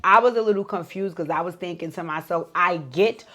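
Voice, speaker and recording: A talkative woman recapping a reality show, full of swearing and quick asides. Her voice sits a little low, and she jumps into other people's voices to act out their lines. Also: a bit bright. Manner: chatty, profane, acts out quotes in voices.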